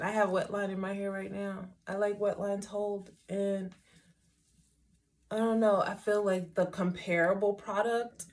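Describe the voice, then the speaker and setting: A middle-aged woman talking casually through a hair tutorial, rambling with wry asides to herself. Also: medium pitch. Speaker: hair vlogger.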